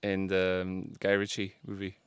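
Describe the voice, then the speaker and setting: A man's voice: deep voice, monotone, moderate pace, a little hiss or hum. A man co-hosting a casual film podcast, speaking hesitantly with many fillers and repeated words. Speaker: podcast co-host.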